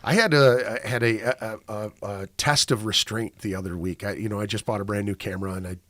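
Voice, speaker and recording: A man's voice: on the low side, steady tone, a little fast, sharp tone, no room sound. A man hosting a podcast, telling a long profane story in casual chat. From Minnesota. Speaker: podcast host.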